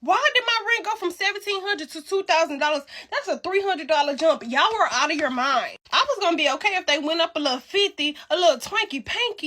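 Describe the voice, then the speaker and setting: A woman in an exasperated, slangy, loud casual rant about a rent increase. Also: very high-pitched, fairly quick, few pauses. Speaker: tenant venting.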